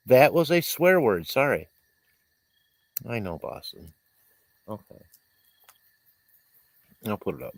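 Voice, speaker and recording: A man's voice: medium pitch, very animated, slow pace, pauses often. Rambling male streamer with a cough. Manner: rambling, reads chat comments aloud and answers them. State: congested, with a cough. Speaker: livestream host. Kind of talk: casual chat with viewers.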